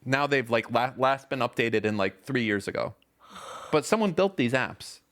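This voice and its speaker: Arguing his point in a casual podcast debate, a male co-host is insistent and emphatic and swears often. His mid-range voice is expressive and fairly bright, delivered at a normal speed.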